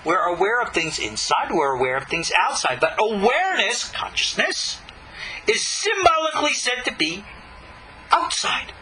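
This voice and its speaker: A man teaching a recorded lesson, emphatic and animated, swinging his voice up and down to drive points home. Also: high voice, normal speed, a little hiss or hum, poor audio. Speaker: Kabbalah teacher.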